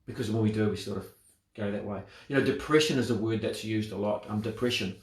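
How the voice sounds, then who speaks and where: A man's voice: lowish voice, quick pace, roomy sound. A man giving a motivational talk on self-talk, reflective and full of rhetorical questions. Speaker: speaker on mental wellbeing.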